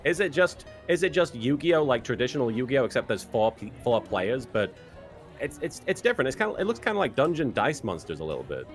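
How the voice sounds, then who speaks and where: A man's voice: medium pitch, very animated, fairly quick, faint music behind. A man guesting on a stream, chatting in an easygoing way with dry humor. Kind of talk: casual chat on stream.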